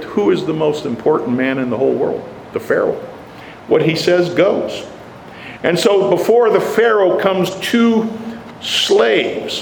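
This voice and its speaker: A man delivers a sermon at an unhurried, weighty pace, his voice in the middle of the male range. He leans into rhetorical questions with emphatic lifts. The room is echoey with a long reverb tail and faint ambience. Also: sits high, vocal fry, a little hiss or hum. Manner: slow, emphatic preaching with rising rhetorical questions. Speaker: preacher.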